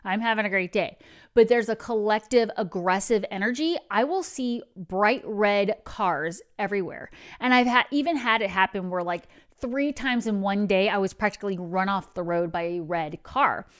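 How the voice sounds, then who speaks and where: A woman's voice: mid-range voice, moderate pace. A woman hosting a spiritual advice channel, talking in an earnest, meandering way that drifts into digressions.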